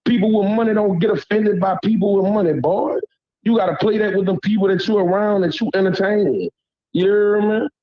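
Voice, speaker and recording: A man's voice: high-pitched, fairly even intonation, fairly quick, muffled recording. A man from Louisiana with a Southern accent, calling in to a panel and ranting bluntly in slang, often asking "you hear me". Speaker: caller on a panel. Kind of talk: heated call-in rant.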